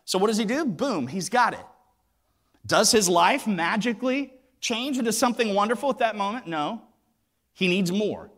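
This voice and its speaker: High, lively-voiced man preaching. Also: moderate pace. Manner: animated storytelling with acted voices; emphatic, repeats words for weight. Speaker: pastor. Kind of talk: sermon.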